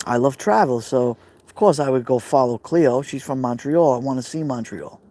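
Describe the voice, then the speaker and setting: A man's voice: mid-range voice, normal speed, warm tone. A man with a Brooklyn accent, live streaming outdoors by a fire pit, rambling casually and answering viewer comments. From New York.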